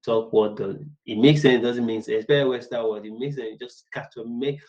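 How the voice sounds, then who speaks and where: A man's voice: mid-range voice, a little fast, few pauses, muffled recording. A man teaching business analysis in a casual, rambling way. He repeats words and acts out short workplace exchanges. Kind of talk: casual online lecture.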